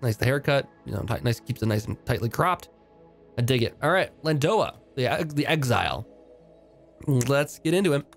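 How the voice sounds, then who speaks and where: Upbeat man with a higher voice. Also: dry recording. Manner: upbeat, thinking aloud with fillers and restarts. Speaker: game streamer. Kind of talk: casual gameplay commentary.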